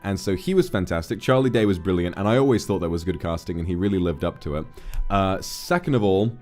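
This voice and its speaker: A man hosting a livestream, giving a casual film review in an animated, rambling way, often correcting himself mid-sentence. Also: low-pitched, quick pace, soft background music. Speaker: streamer host.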